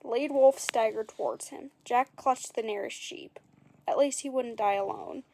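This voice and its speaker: A woman's voice: on the high side, normal speed, vocal fry, dark tone, slight background noise. A woman reading a children's story aloud, with playful asides to the listeners.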